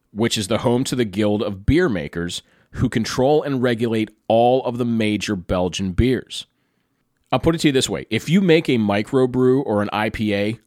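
A man's voice: on the low side, no room sound, clean studio sound. A man from Pennsylvania, telling the story of a trip in a chatty, enthusiastic way with asides to the listener. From Pennsylvania, USA. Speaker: travel storyteller. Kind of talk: casual travel recap narration.

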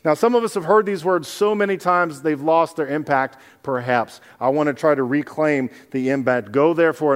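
A man, a pastor, preaching a sermon, animated and acting out scenes from the Bible in other people's voices. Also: fairly high pitch, long reverb tail.

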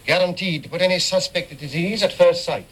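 A man's voice: high voice, brisk, natural voice, poor audio. A man playing a quirky, theatrical police inspector in a 1930s film, with a clipped, fussy delivery. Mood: brisk wry. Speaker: film actor.

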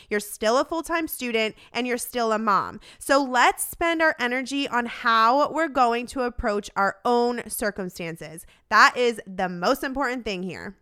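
A young woman hosts a motivational podcast, talking straight to her listeners like a coach. Her voice is bright and crisp, pitched a little high, and her tone is upbeat and direct. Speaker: podcast host.

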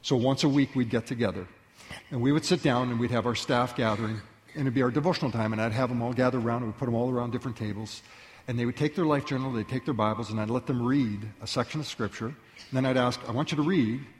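A man's voice: mid-range voice, fast. A man preaching a sermon as pastor, telling stories and acting out the voices of the people in them. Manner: animated storyteller, acts out voices. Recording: long reverb of a large hall.

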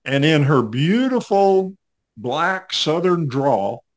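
An older man hosts a podcast, telling a story at a slow pace in a fairly high, sing-song voice. His casual storytelling interview is folksy and rambling, full of fillers.

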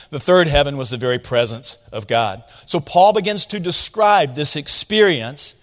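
Conversational preacher with a high voice. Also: male voice, fairly bright tone, big-room sound. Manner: conversational preaching with paraphrased quotes and sarcasm. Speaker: pastor. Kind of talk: sermon.

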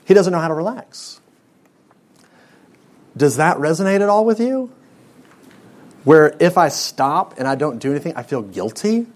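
A man's voice: a little high, lively intonation, moderate pace, pauses often. Man preaching with a lilt. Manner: conversational preaching with rhetorical questions and pop-culture stories. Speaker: speaker to a student audience. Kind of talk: sermon.

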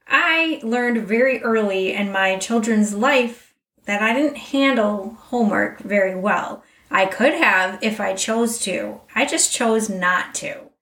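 A middle-aged woman talks to her podcast listeners in a frank, confessional way. Her voice sits a little high and comes from a slight distance. The room around her adds an echo. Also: fairly bright tone. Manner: candid, confessional, speaks straight to the listener. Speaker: podcast host. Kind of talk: personal reflective monologue. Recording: roomy echo, a little off mic.

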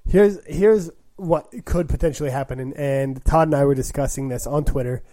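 A man with a fairly high but mellow, warm voice co-hosts a casual sports chat. He reacts quickly and reasons out loud through possible scenarios. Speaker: podcast co-host.

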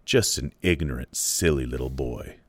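Guy doing a super deep sneery rotting pig head demon, slow and menacing, dry close sound. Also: slightly rough, no echo.

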